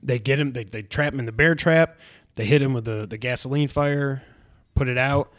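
A man's voice: mid-range voice, normal speed. A man in casual chat, recapping a show and acting out its scenes in a raised voice. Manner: animated retelling, acts out scenes in a raised voice.

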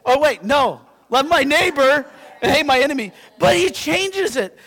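A man from Yakima preaching a sermon as pastor, animated and conversational, checking in with his listeners. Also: extremely high pitch, moderate pace. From Yakima, Washington. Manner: animated, conversational, keeps asking "right?". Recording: long reverb in a hall.

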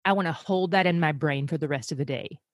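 A woman from the United States talking casually as an interview guest, animated and fond of acting out voices. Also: deep voice, fast, no echo, studio quality. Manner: animated, acts out voices when telling a story.

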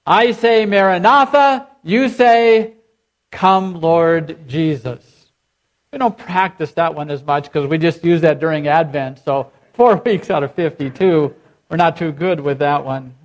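A pastor with a fairly high voice preaches a sermon at a measured pace, leading his congregation in repeated chanted call and response. The recording sounds muffled.

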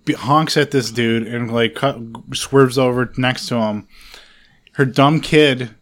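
A man's voice: medium pitch, slow. Profane rambling man ranting about a movie. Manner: profane, rambling, animated rants. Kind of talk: casual podcast chat.

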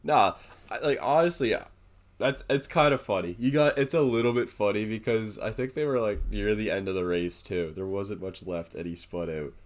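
A man co-hosting a casual chat show, telling stories in an animated, joking way. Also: lowish voice, moderate pace. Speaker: podcast co-host.

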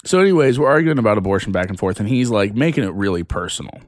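A man guesting on a casual podcast, talking in an animated way, his voice jumping up when he gets worked up, and swearing freely. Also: lowish voice, racing, no echo, clean studio sound.

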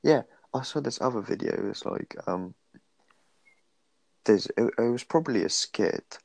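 Gravelly young man, rambling. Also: medium pitch, lively intonation, unhurried, darkish tone, no echo. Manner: rambling, swearing, retelling stories with filler words. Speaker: podcast co-host. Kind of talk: casual late-night chat.

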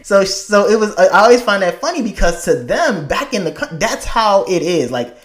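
Animated, emphatic man from Africa. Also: high voice, normal speed. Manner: animated, laughing, emphatic with frequent restarts. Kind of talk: casual conversation.

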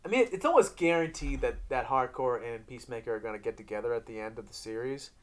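A podcast co-host chatting casually about a TV series. The talk rambles, full of swearing and lively acted-out retellings. The voice sits at a middle pitch. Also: quick pace. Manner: profane, rambling, with animated retellings. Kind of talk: casual chat reviewing a TV series.

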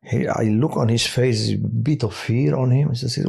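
A man who works as a hospital chaplain tells personal stories in a halting way, with many restarts and fillers. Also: mid-range voice, gravelly, darkish tone, husky. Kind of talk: personal testimony on a podcast.

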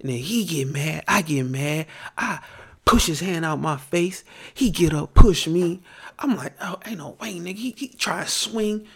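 Gravelly man ranting on his podcast. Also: fairly high pitch, expressive, measured pace, fairly bright tone. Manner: profane, emphatic ranting. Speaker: podcast host. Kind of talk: casual storytelling monologue.

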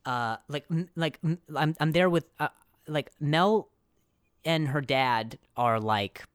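A man's voice: a little high, takes it slowly, clear, resonant tone, no echo, studio quality. A young adult man hosting a casual comedy podcast, rambling through a story with lots of jokes, asides and restarts. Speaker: podcast host.

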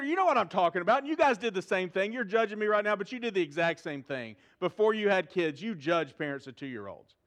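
A middle-aged pastor with an extremely high-pitched voice preaches a sermon in church before a live congregation. He's animated and funny, putting questions to the crowd.

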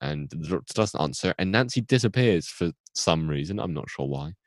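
A young man tells a story in a rambling, jokey way, breaking off to correct himself. His voice sits very low but swings widely in pitch. The sound is close and dry. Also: expressive, normal speed, no room sound. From United Kingdom. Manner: rambling, self-interrupting, acts out characters in goofy voices. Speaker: podcast co-host recapping an episode. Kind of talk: casual comic recap.

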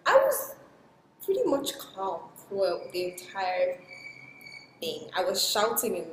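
A woman in casual podcast chat, telling a personal story in a soft, reflective way that trails into quiet asides. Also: medium pitch, wildly swooping pitch, slow pace, a little hiss or hum. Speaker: guest sharing a personal story. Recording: roomy with long reverb.

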